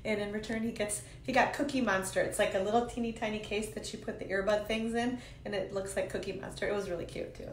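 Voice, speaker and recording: A woman with a croaky, hoarse voice from a cold, hosting a casual livestream and chatting cheerfully with viewers as they join. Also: fairly high pitch, fairly quick. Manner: rambling, upbeat, greets viewers by name. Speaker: host of a live card-making stream. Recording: roomy echo with faint ambient noise.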